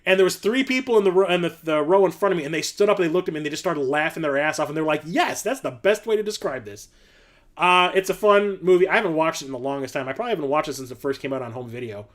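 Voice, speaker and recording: A man's voice: fairly high pitch, racing, hardly any pauses, a bit bright. A man hosting a casual livestream, rambling enthusiastically with lots of fillers and casual swearing. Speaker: livestream host showing his film collection.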